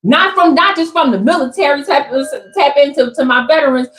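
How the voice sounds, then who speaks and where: A woman's voice: sits high, animated, a little fast, fairly bright tone. A young woman giving a casual, emphatic spiritual pep talk to her viewers, repeating her points like a preacher. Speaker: spiritual content creator. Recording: echoey room.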